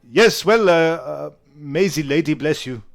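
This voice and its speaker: A man's voice: on the high side, unhurried, gravelly, voice pushed up. A man putting on a courtly French-accented knight. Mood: formal. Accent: put-on French. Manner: courtly, hesitant, full of "uh". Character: young male noble knight, polite but suspicious.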